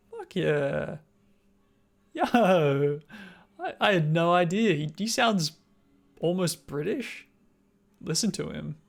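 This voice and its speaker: Gravelly Australian man streaming. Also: high-pitched. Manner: chatty, swearing, thinking out loud, reacting to a video. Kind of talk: casual live-stream chat.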